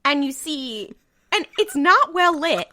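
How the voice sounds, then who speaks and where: Bright-voiced woman recapping casually. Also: high-pitched, very animated, slow, no room sound, clean studio sound. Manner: breezy, profane recapping, heavy on filler words. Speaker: podcast co-host. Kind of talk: casual rewatch podcast chat.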